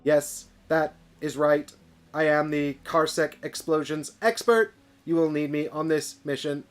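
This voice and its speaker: A calm android explosives expert who weighs every word, as a man puts him on. The delivery is slowed right down and carries a little more lift than the narration. It is a deliberate, even tabletop game voice. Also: a little high, soft background music, pitched above the performer's own voice, close to an everyday voice. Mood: measured. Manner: slow, deliberate, measured.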